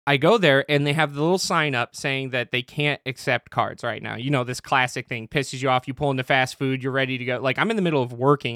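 A man hosting a podcast and telling a story in casual chat, animated and swearing often. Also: mid-range voice, no room sound, clean studio sound. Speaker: podcast host. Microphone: podcast mic.

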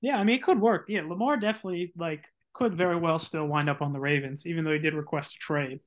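Higher-voiced man, hedging sports chat. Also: fast talker. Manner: hedging, lots of "like" and "I mean". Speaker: podcast co-host.

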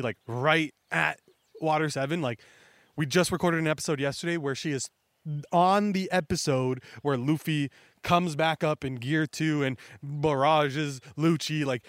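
A man's voice: fairly high pitch, fairly bright tone, no room sound. A young man hosting a casual recap chat, rambling with lots of fillers and now and then acting out characters. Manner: rambling, filler-heavy, acts out characters in raised voices. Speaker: host recapping a manga chapter.

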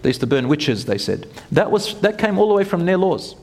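A man preaching an animated storytelling sermon, acting out quotes and chanting scripture. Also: sits high, fairly quick. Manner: animated, acts out quotes, chants Quran verses. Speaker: Islamic preacher. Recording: long hall reverb.

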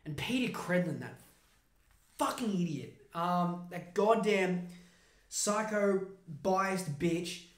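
A man's voice: high-pitched, animated, takes it slowly. A podcast host man ranting comedically, swearing constantly in a mocking tone. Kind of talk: profane comedic rant. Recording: roomy echo.

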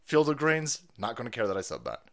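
A man's voice: mid-range voice, huge pitch swings, fast talker, a bit bright. A man hosting a political stream, ranting in a foul-mouthed way with frequent laughs. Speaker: streamer host. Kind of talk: profane political rant stream.

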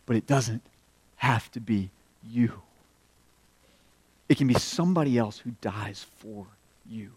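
A man preaching a sermon, working through a scripture passage, raising his voice to act out quotes and dropping low for key points. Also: takes it slowly, pauses often, breathy edge. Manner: expository preaching, acts out quotes with rising pitch and volume; drops to hushed tones on key points.

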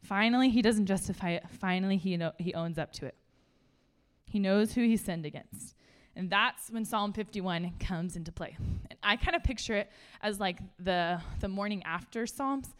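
Woman, casual sermon, chatty and animated with frequent laughs, mid-range voice, talking to a room. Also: medium pitch, moderate pace, smooth. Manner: chatty and animated, laughs often, says "like" a lot. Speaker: speaker at a church gathering. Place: room full of listeners.

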